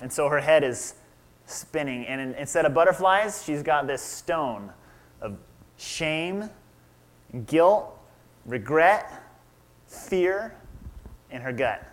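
A man in his thirties preaching, his voice sitting a touch higher than most men's. He retells a story in sermon style, stops to ask his listeners questions, and acts out the quoted lines.

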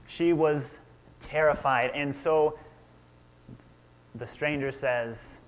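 A man in his thirties preaching, his voice sitting a touch higher than most men's. He retells a story in sermon style, stops to ask his listeners questions, and acts out the quoted lines. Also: steady tone, extremely slow, pauses often.

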